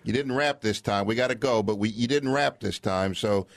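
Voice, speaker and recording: Low-voiced man bantering on radio. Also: moderate pace, gravelly, no room sound. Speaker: radio co-host. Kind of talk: casual radio talk.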